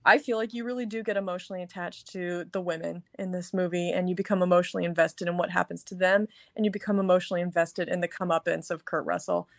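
A woman's voice: lowish voice, fairly even intonation, fast talker, creaky, few pauses, no echo. A woman co-hosting a casual movie review chat, talking enthusiastically and rambling with lots of filler words. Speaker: podcast co-host.

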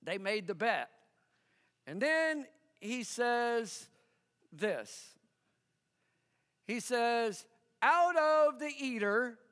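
Man, pastor, sermon, high voice, slow delivery, animated storytelling, long hall reverb. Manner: animated, acts out quoted voices, chuckles often.

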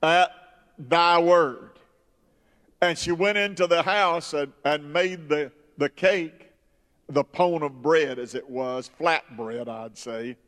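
A man preaching a sermon, slow and emphatic, rising high when stirred. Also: a bit bright. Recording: long hall reverb.

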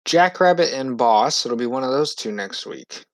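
A man's voice: mid-range voice, lively intonation, normal speed, no echo. A man co-hosting a casual podcast, talking in an easygoing, hedging way with plenty of fillers. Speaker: podcast co-host. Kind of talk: casual chat.

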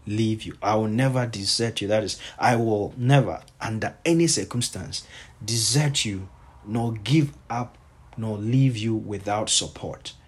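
A man's voice: fairly low pitch, slightly rough. A male pastor preaching a sermon, repeating his points with emphasis and reading scripture aloud.

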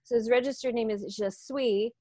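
An American woman hosting a podcast, an enthusiastic and animated storyteller in casual interview chat. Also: a little high, moderate pace, no room sound. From United States. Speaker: podcast host.

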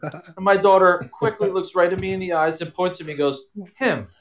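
Animated storytelling man on a podcast. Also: high-pitched, brisk, dull audio. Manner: animated anecdote teller, acts out quotes. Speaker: guest. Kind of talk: casual storytelling.

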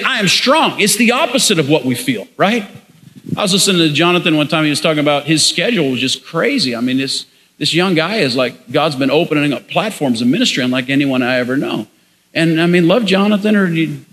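A man's voice: on the high side, fairly bright tone, big-room sound. A man preaching a sermon as pastor, leading the congregation in call-and-response.

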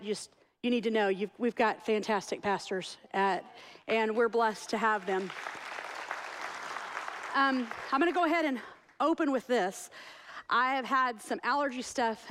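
A woman's voice: fairly high pitch, a bit bright. A woman, a pastor preaching a sermon in a church in a chatty, joking storytelling way. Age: 40s. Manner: chatty, self-deprecating storytelling.

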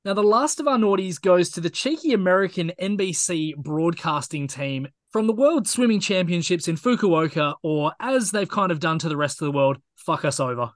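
A man's voice: sits high, animated, moderate pace, few pauses, no echo. A man co-hosting a sports podcast, making dry jokes in casual chat. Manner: dry, joking. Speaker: podcast co-host.

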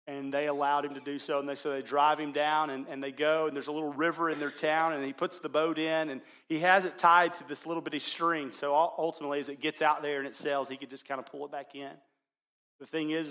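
A man preaching as a pastor, telling a story in his sermon and swinging between loud, excited passages and hushed ones. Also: on the high side.

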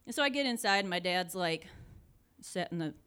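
A woman in her forties telling a funny personal story in a casual, animated way, often laughing and acting out the people in it. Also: fairly low pitch, fairly quick, smooth.

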